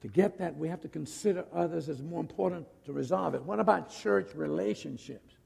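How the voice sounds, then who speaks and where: A middle-aged man preaching a sermon, telling a personal story in an animated way with fillers and restarts, his voice gravelly and husky. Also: fairly high pitch, a little fast. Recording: long reverb of a hall.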